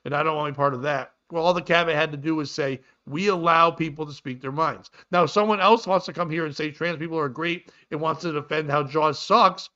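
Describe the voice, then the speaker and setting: A man's voice: a little high, fairly even intonation, brisk, hardly any pauses, bright, forceful tone. A man hosting a comedy podcast, ranting in a rambling, profane way. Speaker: podcast host. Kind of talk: casual comedic chat. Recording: dull lo-fi sound.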